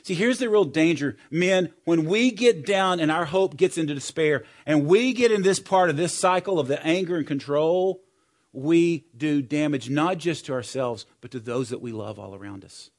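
A middle-aged preacher with a fairly high voice who speaks conversationally and shares personal stories. He rises to loud emphasis, then drops to quiet, intimate moments. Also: moderate pace. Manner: conversational, personal storytelling, swings between loud and soft. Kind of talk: sermon.

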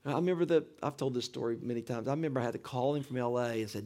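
A man with a mid-pitched voice tells a heartfelt personal story. He speaks earnestly and haltingly, restarting his sentences. His delivery drops to near-hushed tones and then lifts into lively, animated stretches.

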